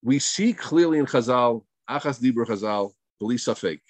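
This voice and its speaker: A middle-aged man teaches Torah in a loose, conversational way, dropping Hebrew phrases into his English. His voice leaps between quiet asides and loud, excited bursts. The recording is close and dry, with no room sound. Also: mid-range voice, moderate pace, no echo. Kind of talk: casual Torah talk.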